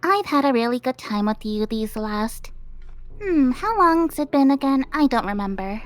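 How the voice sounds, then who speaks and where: A woman's voice: high voice, sing-song, measured pace, soft background music. A woman voicing an offhand, emptily fond gravedigger. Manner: gently offhand, emptily affectionate. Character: calm, offhand female gravedigger, falsely fond. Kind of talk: voicing a game character on a live stream.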